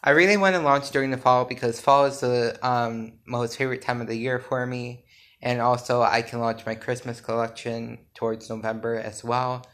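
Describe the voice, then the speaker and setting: A man's voice: medium pitch, steady tone, moderate pace, a bit bright. A sleepy man hosting a podcast, giving a casual, rambling solo update with lots of fillers and restarts. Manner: rambling, filler-heavy, self-correcting. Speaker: podcast host and small business owner.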